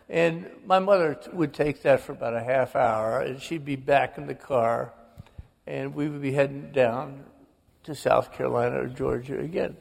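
A man in his sixties from the American South, an author telling lively family stories as an interview guest, sometimes slipping into quoted voices. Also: medium pitch, moderate pace, vocal fry, in a large hall. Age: 60s. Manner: animated storyteller, slips into quoted voices. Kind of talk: storytelling interview.

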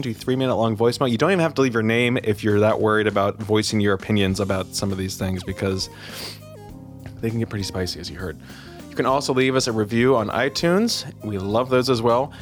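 A man hosting a podcast, bantering playfully with mock outrage and laughing often. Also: fairly low pitch. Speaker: podcast host. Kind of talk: casual banter and sign-off.

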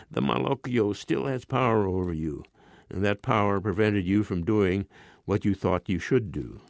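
A man's voice: mid-range voice, vocal fry, a little mellow, no echo, clean studio sound. An old man in his nineties reading the lines of a tender, devoted village wife in his own short story. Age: 90s.

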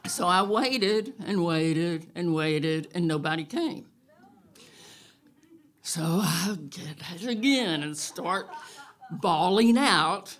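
A woman telling a true story on stage at a live event, wry and animated. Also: fairly low pitch, slow pace. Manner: wry and animated, loud cattle calls.

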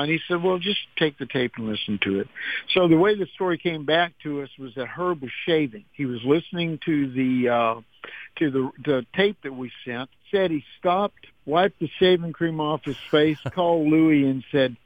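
An older male musician guest telling animated anecdotes in a radio interview, acting out quotes. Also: on the high side, normal speed, dry recording, lo-fi sound. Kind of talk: storytelling interview.

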